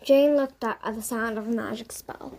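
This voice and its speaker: A woman narrating a children's audiobook in an expressive read-aloud manner. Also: on the high side, normal speed, creaky.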